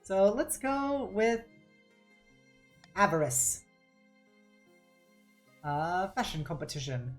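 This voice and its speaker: A woman's voice: mid-range voice, very animated, takes it slowly, long pauses, faint music behind. A woman streaming a game live, reading its text aloud in a playful, mock-dramatic way and laughing often.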